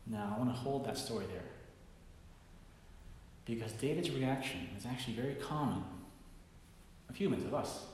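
A pastor preaching a sermon, telling a story dramatically and swinging from hushed tones to loud bursts. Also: male voice, mid-range voice, lively intonation, normal speed, pauses often, slight background noise. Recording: very echoey hall reverb.

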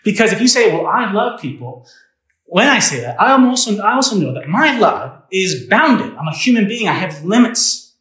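Male pastor, slightly high voice, chatty sermon delivery with questions to the room, echoey church. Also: very animated, moderate pace, fairly bright tone. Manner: conversational, asks the congregation questions.

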